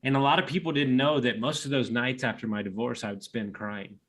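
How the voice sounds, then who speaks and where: A man's voice: medium pitch, steady tone, a little fast, a bit bright. Blunt swearing podcast host man. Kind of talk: casual interview chat.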